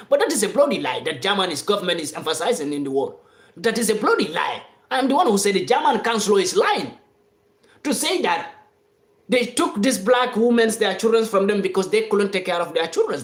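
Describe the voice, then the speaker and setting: A mid-pitched speaker delivers a heated, unscripted monologue straight to an online audience. The talk is insistent and circles back on the same phrases, sometimes swelling into a shout. The voice rings in an echoey room. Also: sing-song, fairly quick. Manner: fiery and insistent, repeating phrases, rising to shouts. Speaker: live-stream commentator addressing followers. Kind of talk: impassioned off-the-cuff monologue.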